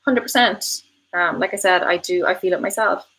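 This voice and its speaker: Woman, 30s, live-stream host, casual chat, somewhat low voice, lots of ums, laughs often. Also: normal speed, fairly bright tone, low-quality recording. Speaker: host of a live stream, reading viewer comments.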